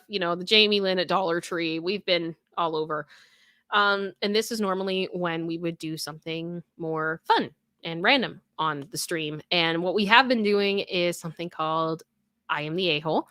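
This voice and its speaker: Young woman, live stream host, casual chat, rambling, lowish pitch, dry close sound. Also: sharp tone, no room sound. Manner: chatty, rambling with fillers and restarts.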